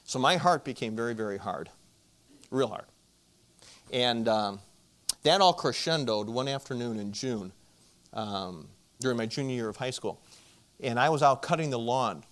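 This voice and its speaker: A middle-aged man telling a personal story to an audience, animated and acting out the voices of the people in it. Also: mid-range voice, normal speed, long pauses. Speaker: marriage conference speaker.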